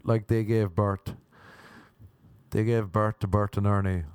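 A man's voice: lowish voice, fairly even intonation, measured pace, long pauses, a little mellow, clear, resonant tone, no echo, studio quality. A young man doing a stand-up monologue, rambling and mocking, often slipping into silly put-on voices. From Ireland. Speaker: stand-up comedian. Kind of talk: comedic monologue.

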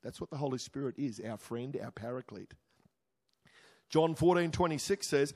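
A man preaching a sermon as pastor, emphatic, rising to exclamations and then dropping low and intimate. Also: expressive, normal speed, mellow. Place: church hall. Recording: reverberant church hall.

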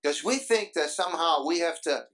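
A man pastoring a church service, talking in a halting way with many fillers. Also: on the high side, lively intonation, a bit bright. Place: church before a congregation.

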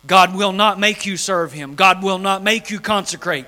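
A man's voice: sits high, normal speed, pushed and bright. A man preaching an impassioned sermon, driving home key phrases by repeating them. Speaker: pastor.

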